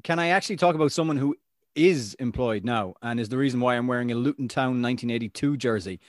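Speaking quickly at a medium pitch, this man co-hosts a sports podcast and spins lively stories in relaxed, casual chat. The recording is dry and studio quality.

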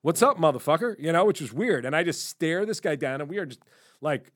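A man's voice: a little high, brisk, no echo, studio quality. Middle-aged man spinning a swearing story. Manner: animated storyteller, swears freely, acts out his own lines. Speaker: podcast co-host. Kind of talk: casual storytelling chat.

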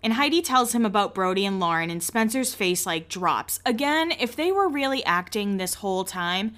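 A woman's voice: medium pitch, lively intonation, normal speed, fairly bright tone. Female podcast host, casual and gossipy, sarcastic side comments. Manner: chatty, sarcastic asides, frequent "like" fillers. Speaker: podcast host recapping a reality show. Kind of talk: casual chat recap.

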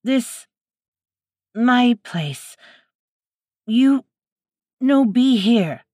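A woman voicing a fierce, feral jungle woman who speaks in broken, halting phrases and snarls threats. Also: a little high, lively intonation, dark tone, no room sound, studio quality, pitched above the performer's own voice. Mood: hostile.

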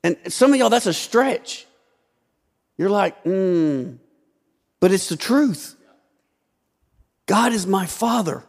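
A man's voice: high voice, animated, slow, long pauses, slightly rough. A man preaching a sermon as pastor, asking rhetorical questions and shifting his emphasis often. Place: church sanctuary. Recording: long hall reverb.

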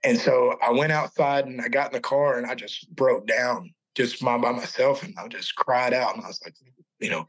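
A man in his forties tells his personal faith testimony as a podcast guest. His voice sits at an ordinary middle pitch. He speaks earnestly and haltingly, breaking off and restarting his sentences. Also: fairly bright tone, rough recording.

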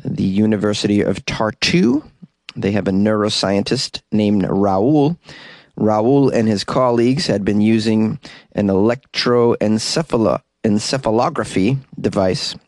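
A man's voice: fairly low pitch, darkish tone, no echo. A man hosting comedic news commentary, sarcastic and joking as he reacts to strange stories. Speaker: host. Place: Los Angeles.

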